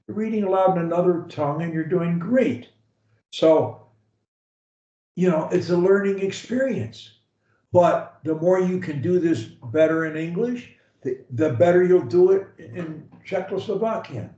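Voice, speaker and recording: A man's voice: sits high, measured pace, warm tone, reverberant, lo-fi sound. A male speech coach on a call, encouraging and emphatic.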